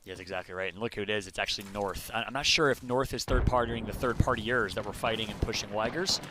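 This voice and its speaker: A man casting an esports battle royale tournament, energetic play-by-play that rises to loud calls at big plays. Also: fairly low pitch, fast talker, background noise. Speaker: esports caster.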